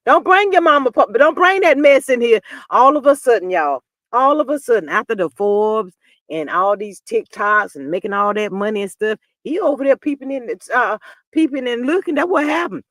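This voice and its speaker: A woman hosting a live stream, reading viewer comments and talking back in a sassy, animated way, swinging from low mutters to loud outbursts. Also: normal speed, dry recording, studio quality. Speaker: reality TV commentary host.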